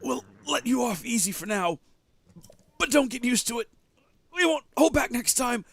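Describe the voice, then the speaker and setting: A man voicing a gloating male bandit who taunts loudly in a raised voice. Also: extremely high pitch, animated, moderate pace, pitched above the performer's own voice, exaggerated voice. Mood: taunting. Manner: loud, taunting.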